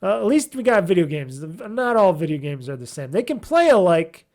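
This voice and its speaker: A man's high, sing-song voice moves fairly quickly and sounds a little mellow. Alone on his gaming podcast, he chats casually and rambles, dropping ums and curse words as he searches for names.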